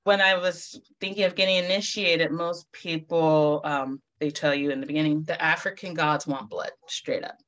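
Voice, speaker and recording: A woman of Caribbean heritage telling personal stories in a casual chat, animated, swearing freely and acting out other people's voices. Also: low-pitched, moderate pace, hardly any pauses. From Caribbean heritage, raised in the US. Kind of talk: candid casual conversation.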